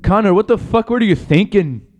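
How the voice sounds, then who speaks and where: A man putting on a jealous wife, furious, accusing, shouting, raised pitch. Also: lively intonation, moderate pace, soft background music. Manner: accusing, yelling.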